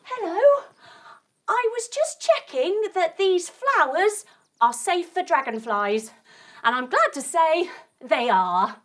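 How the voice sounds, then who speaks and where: A woman's voice: very high voice, very animated, takes it slowly, pitched above the performer's own voice, exaggerated voice. A woman voicing a cheerful little male honeybee who speaks eagerly and politely. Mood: hurried.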